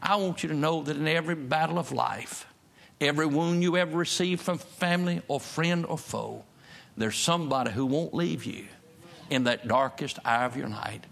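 A man's voice: a little high, normal speed, vocal fry, fairly bright tone. A man preaching a sermon in a church service, emphatic and repeating his key phrases. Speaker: pastor.

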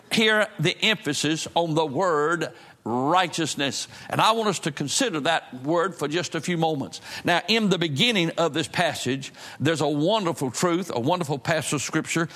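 A man preaching from the pulpit, opening with a prayer before moving into the sermon. His voice sits a little on the high side for a man. He reads scripture slowly and with earnest emphasis. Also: fairly bright tone. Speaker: pastor.

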